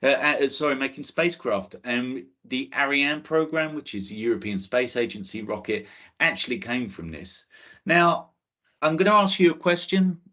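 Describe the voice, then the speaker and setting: A man's voice: medium pitch, animated, normal speed, sharp tone, muffled recording. A man giving an enthusiastic, chatty online talk to students about space careers, often checking in with "okay?". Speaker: guest speaker on space careers.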